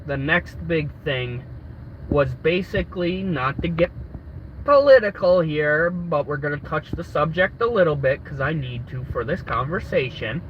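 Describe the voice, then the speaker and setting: A man's voice: a little high, animated, measured pace. A man with a stuffy nose from a cold, telling a travel story in a casual, rambling live stream full of restarts. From United States. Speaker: travel vlogger. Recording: dull lo-fi audio with faint background noise.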